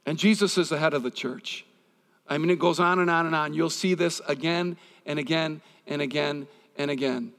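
A male pastor delivers a sermon in a relaxed, conversational way, weaving scripture together with stories from his own life. His voice sits a little higher than most men's, and a long reverb trails behind him as if he were speaking in a large hall. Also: moderate pace. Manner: conversational preaching with personal stories.

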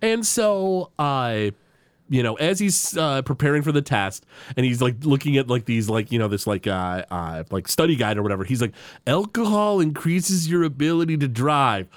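At a normal pace, a man recaps a cartoon episode as a podcast co-host, captured in a dry, studio-quality recording with a clean tone. His retelling of scenes is animated and casual, thick with "like" and "you know," and his pitch leaps up for quoted dialogue.

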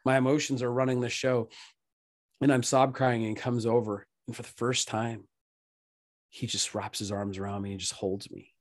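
A man's voice: mid-range voice, little pitch movement, moderate pace, no echo, studio quality. Earnest man sharing a personal story. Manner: earnest, emotional, drops soft when speaking of faith. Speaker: podcast guest.

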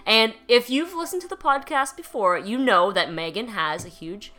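A woman's voice: fairly high pitch, expressive, normal speed, fairly bright tone, faint music behind. A woman co-hosting a podcast, retelling events in a chatty, casual way full of fillers. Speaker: podcast co-host. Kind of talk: casual chat.

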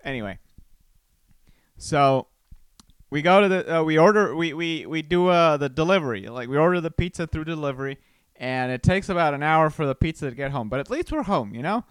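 A man's voice: fairly high pitch, lively intonation, a little fast, clean tone, dry recording. A man hosting his own podcast, telling a rambling personal story in a chatty, casual way. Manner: rambling, chatty, with many restarts and fillers. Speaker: podcast host. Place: Texas home.

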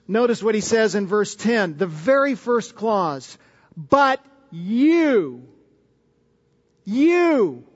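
A man preaching a sermon as pastor, earnest and emphatic, pressing hard on key words. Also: very high voice. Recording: dull sound with long hall reverb.

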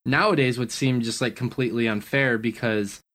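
A man's voice: medium pitch, fairly even intonation, moderate pace, a bit bright. A man co-hosting a gaming podcast, chatting casually and leaning on fillers like "like". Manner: filler-heavy, says "like" a lot. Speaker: podcast co-host. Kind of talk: casual chat.

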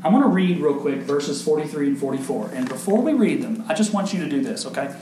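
A man's voice: a little high, animated, fast talker, warm tone. A man preaching a sermon to his congregation as pastor, with emphatic rises and questions thrown to the room. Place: church sanctuary. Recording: echoey church room with faint background noise.

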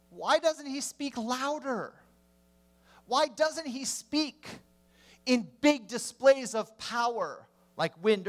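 A man preaching a sermon, swinging between emphatic rising questions and hushed drops. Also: very high voice.

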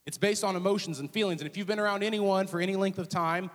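A young man preaching a sermon, casual and joking, slipping into quick voiced asides. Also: high-pitched, steady tone, big-room sound. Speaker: student ministries director preaching. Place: church auditorium.

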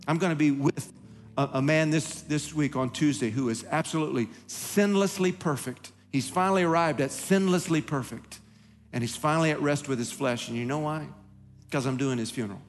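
A man's voice: on the high side, a little fast, in a large hall, faint music behind. A man preaching a sermon as pastor, emphatic, acting out quoted voices. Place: church hall.

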